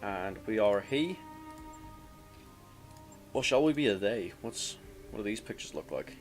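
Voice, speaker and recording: Low-voiced man rambling over a game. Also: animated, a little slow, soft background music. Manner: rambling and self-mocking, with fillers and restarts. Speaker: let's play commentator. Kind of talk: casual gameplay commentary, reading game text aloud.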